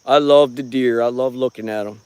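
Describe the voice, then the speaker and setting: A man's voice: medium pitch, fairly even intonation, fairly quick, darkish tone, smooth, no echo. Rambling, folksy middle-aged man. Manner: rambling and folksy, greeting viewers by name. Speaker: live-streaming paranormal watcher. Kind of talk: casual live stream chat. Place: outdoors on a rural property at night. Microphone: handheld phone.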